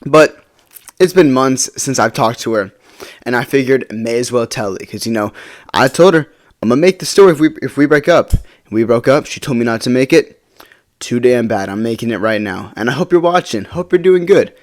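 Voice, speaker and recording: A man's voice: medium pitch, normal speed. A teenage boy telling a personal story in a casual, rambling way, swearing freely and restarting his sentences. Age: teens.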